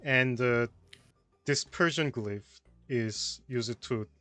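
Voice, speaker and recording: Male co-commentator, mid-pitched, hesitant, explains with stops and restarts. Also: takes it slowly, sharp tone, soft background music. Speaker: tournament stream co-commentator. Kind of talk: casual puzzle-solution commentary.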